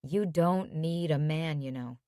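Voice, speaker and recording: A caring, supportive woman, read by a woman narrator, gentle and reassuring. She speaks slowly in a slightly lowered voice. The recording is dry and close. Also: dry recording.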